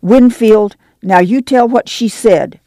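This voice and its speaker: Reader doing a worn-out farm mother, rural drawl, gravelly, dark tone. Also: mid-range voice, slow, dry recording. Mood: urgent. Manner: rural drawl, firm and plain-spoken. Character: weary, tough older farm mother.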